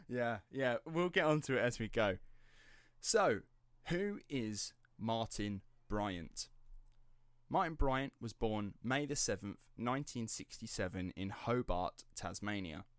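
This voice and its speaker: A man's voice: medium pitch, animated, takes it slowly, no echo, studio quality. A man hosting a casual true-crime podcast, rambling and laughing as he drifts off script. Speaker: podcast host.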